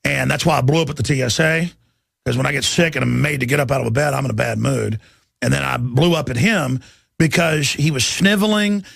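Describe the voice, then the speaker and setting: A man's voice: medium pitch, brisk, gravelly, fairly bright tone, no room sound, clean studio sound. A man hosting a talk show, ranting emphatically and repeating words as he builds his point. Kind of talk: heated talk radio chat.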